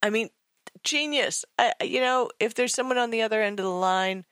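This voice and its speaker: A woman's voice: fairly high pitch, normal speed, a bit bright, smooth, no room sound. A woman co-hosting a tech radio show and telling stories in chatty, enthusiastic casual talk. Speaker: co-host and author.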